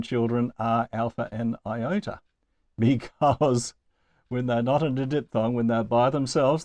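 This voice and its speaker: Guy teaching greek, lively up and down voice, stretches words out slow, little chuckles. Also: medium pitch, no echo. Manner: slow, deliberate over example words, with chuckles. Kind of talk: recorded lecture.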